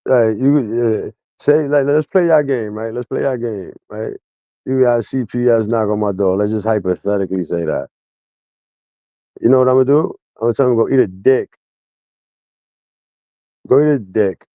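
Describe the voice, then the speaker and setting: A man's voice: mid-range voice, normal speed, no echo. Taunting man on a dull, dry stream mic. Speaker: livestreamer. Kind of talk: casual livestream rant to chat.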